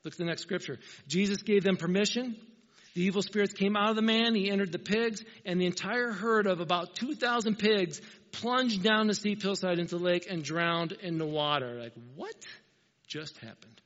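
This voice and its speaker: A man preaching a sermon, telling the story with animated, emphatic asides. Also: sits high, normal speed. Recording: reverberant hall, dull lo-fi sound.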